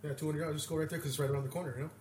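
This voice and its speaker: A man co-hosting a podcast, telling stories in a rambling, profane and animated way. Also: a little high, very fast. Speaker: podcast co-host. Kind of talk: casual storytelling chat. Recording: echoey room with faint noise.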